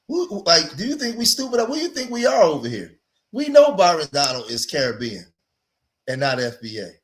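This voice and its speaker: Man hosting a livestream, fairly high voice, preachy, emphatic, repeats himself. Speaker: streamer and commentator. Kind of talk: livestream commentary.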